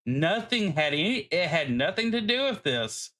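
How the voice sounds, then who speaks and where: A man's voice: high voice, sing-song, normal speed, over a noisy crowd. A man co-hosting a podcast, chatting in a meandering way with many fillers. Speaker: podcast co-host. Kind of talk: casual podcast chat.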